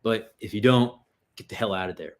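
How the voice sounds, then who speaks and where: A man's voice: lowish voice, a little fast. A man hosting a self-defense livestream, telling rambling street-fight stories in casual, profanity-heavy chat. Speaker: self-defense channel host.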